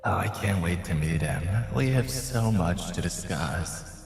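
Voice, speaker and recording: A man's voice: low voice, animated, measured pace, gravelly, echoey room, in a large hall, faint music behind, heavily acted. A man voicing a sly, cruel male monster in a hissing whisper, as whispered role-play. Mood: gleeful.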